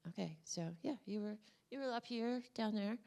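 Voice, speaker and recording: A woman's voice: a little high, moderate pace, gravelly. A woman speaker giving a motivational talk at a conference and coaxing the audience through voice exercises. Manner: energetic, coaxing, talks to the crowd directly. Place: conference room.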